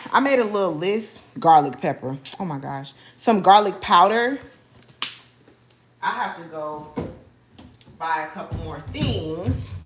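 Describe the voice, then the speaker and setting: A woman's voice: medium pitch, fairly bright tone. Woman cooking on a live stream, chatty, talks to viewers as y'all, home kitchen, faint background hiss. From Haiti. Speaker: cooking vlogger.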